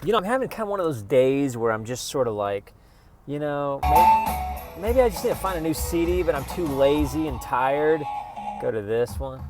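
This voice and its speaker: A man's voice: fairly high pitch, expressive, moderate pace. A man ranting casually to camera in a profane, rambling, frustrated way, with music playing faintly behind him. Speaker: vlogger.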